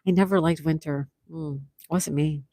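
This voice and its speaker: A woman's voice: low-pitched, fairly even intonation, normal speed, warm tone, dry recording, rough recording. A retired woman in her sixties hosting a casual livestream, reading viewers' comments aloud and chatting back. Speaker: livestream host.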